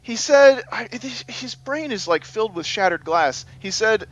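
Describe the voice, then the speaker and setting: Bright, sarcastic man chatting over gameplay. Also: sits high, moderate pace, no echo. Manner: sarcastic, animated, stammering restarts. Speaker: gaming co-host. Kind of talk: casual chat over gameplay.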